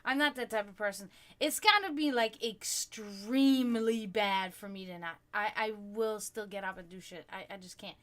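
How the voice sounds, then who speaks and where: Casual woman streamer just talking to chat, cusses a lot, gets animated telling stories, middle-pitched voice. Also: normal speed, few pauses. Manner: chatty, swearing freely, animated storytelling. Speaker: livestream host.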